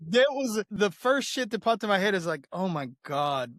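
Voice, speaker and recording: A man's voice: high-pitched, big pitch swings, normal speed, fairly bright tone, dry recording, clean studio sound. A man chatting casually about a movie, dropping crude wisecracks. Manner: wisecracking, profane asides.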